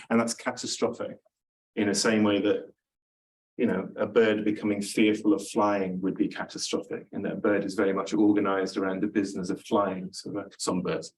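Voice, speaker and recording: A man with a lowish voice gives a lecture in a relaxed, informal way. He fills his sentences with ums and false starts. He sounds slightly distant from the microphone. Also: slight background noise. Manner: informal, self-deprecating, with many fillers and restarts. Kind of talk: academic talk to an audience.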